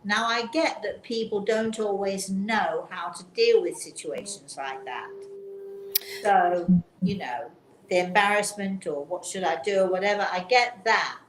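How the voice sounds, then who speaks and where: A woman hosting a chat show, telling a personal story in an earnest, gentle way and often restarting her sentences. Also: mid-range voice, a little slow. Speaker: talk show host. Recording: roomy sound with faint background noise.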